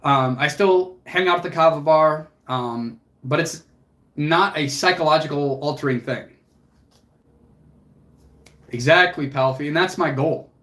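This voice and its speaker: A man's voice: fairly high pitch, measured pace, pauses often, bright, forceful tone. A young man hosting a livestream, speaking earnestly and emotionally to viewers, motivational and casual with swearing. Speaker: fitness coach and livestream host.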